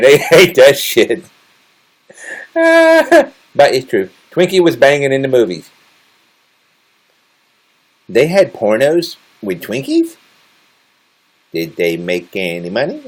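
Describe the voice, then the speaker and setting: A man chatting casually with viewers on a livestream, teasing and joking crudely as he reads their comments. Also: mid-range voice. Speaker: live streamer.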